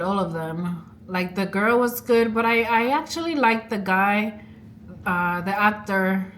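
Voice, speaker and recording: A young woman talks through a movie's plot in a relaxed vlog, chatty and expressive, slipping into quoted lines as she goes. Her pitch sits in an ordinary middle range. Faint background noise hangs under the close recording. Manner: chatty, animated retelling with quoted voices and laughs. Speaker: vlogger. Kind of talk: casual movie recap and review.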